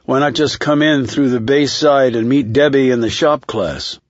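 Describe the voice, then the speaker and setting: A man's voice: medium pitch, normal speed, no echo, studio quality, close to an everyday voice. A man voicing a terse male detective who asks level, probing questions.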